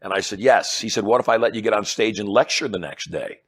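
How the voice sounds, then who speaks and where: A middle-aged man, a hypnotist and persuasion trainer, telling animated stories in an interview and acting out the dialogue. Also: fairly low pitch, fast talker, slightly rough. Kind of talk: storytelling interview chat.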